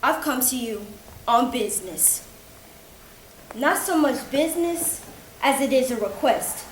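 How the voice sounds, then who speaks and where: A woman's voice: sits high, expressive, measured pace. A woman delivering a spoken-word piece in a rhythmic, declamatory way. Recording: echoey room, faint noise.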